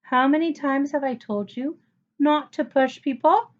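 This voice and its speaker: A woman's voice: high voice, measured pace, dull audio, voice pushed up. A woman voicing a caring but firm teacher who scolds a child in a storybook reading. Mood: stern.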